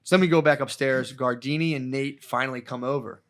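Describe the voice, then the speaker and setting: A man's voice: medium pitch, fairly even intonation, brisk. Profane rambling male podcast host. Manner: rambling, profane, laughing through stories. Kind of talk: casual storytelling chat.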